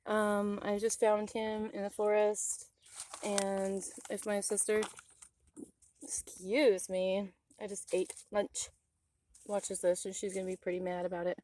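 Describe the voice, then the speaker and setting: A woman vlogging outdoors near a forest, rambling with many ums and talking straight to her viewers, sometimes cooing gently to an animal. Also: little pitch movement, unhurried. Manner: coos softly to an animal in a higher voice. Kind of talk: casual rambling vlog.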